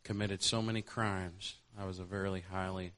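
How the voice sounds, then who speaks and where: Low-voiced preacher guy giving a sermon, gets loud and fired up. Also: level tone, normal speed. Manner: builds from quiet storytelling to loud impassioned altar call.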